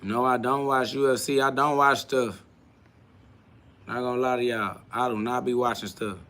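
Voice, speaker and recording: Man, livestream host, blunt, profane, confrontational, bright forceful voice. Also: mid-range voice, steady tone, normal speed. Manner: blunt, confrontational, profane, swinging between loud and mumbled. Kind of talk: casual livestream rant to chat.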